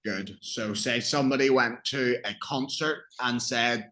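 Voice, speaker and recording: Male teacher, patient and encouraging, bright clear voice. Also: medium pitch, animated, normal speed. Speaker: English teacher. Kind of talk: classroom vocabulary review.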